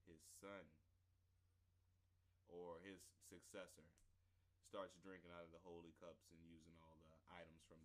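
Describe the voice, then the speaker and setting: A man casually working through a textbook lesson on camera, reading passages aloud and slowly sounding out syllables, rambling between them. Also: sits low, poor audio. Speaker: self-taught learner presenting a lesson. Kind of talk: casual vlog-style lesson.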